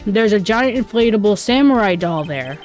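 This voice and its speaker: A woman voicing an earnest young male lawyer in a slightly lowered, steady reading voice. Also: normal speed, soft background music, lightly acted.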